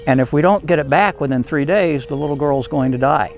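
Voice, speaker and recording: A man doing a calm village shaman. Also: fairly high pitch, a little fast, creaky, soft background music. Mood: solemn. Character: wise old village shaman, calm explainer.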